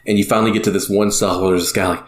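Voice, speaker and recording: Male podcast co-host, low voice, relaxed delivery, roomy echo with faint hiss behind him. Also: rapid-fire. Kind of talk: casual gaming chat.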